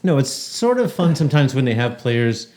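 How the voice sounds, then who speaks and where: A man argues the contrary side in casual podcast chat. He often trails off before finishing a thought. His voice sits at an ordinary middle pitch. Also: big pitch swings, moderate pace, a little mellow. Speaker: podcast co-host.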